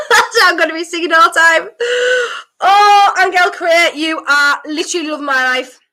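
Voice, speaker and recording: A young woman hosting a live football watchalong stream, reacting with elated, breathless excitement and chatting with her viewers. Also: sits high, slight background noise.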